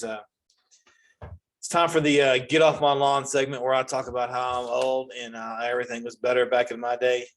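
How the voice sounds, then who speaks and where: Man, 40s, comedy host, ranting monologue with high outbursts. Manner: ranting, animated, jumps to high-pitched outbursts.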